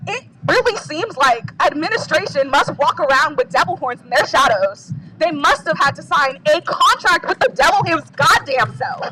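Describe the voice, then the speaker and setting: A woman's voice: high voice, expressive, normal speed, few pauses, sharp tone, a little hiss or hum, low-quality recording. A young woman student, anxious and close to tears, reading a protest speech from notes on a handheld mic outdoors. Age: young adult. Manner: anxious, rising to angry. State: on the verge of crying.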